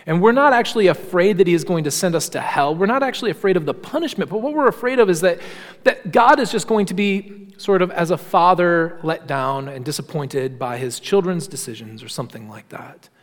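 Man, pastor, earnest sermon, quiet then emphatic, fairly high voice, church reverb. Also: animated, a little fast. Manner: earnest preaching, swinging between quiet low stretches and raised emphatic passages; repeats words when he restarts. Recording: long hall reverb.

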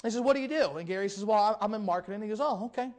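Male preacher, high, quick delivery, acts out the quotes. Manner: animated, acts out quoted voices. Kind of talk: sermon storytelling.

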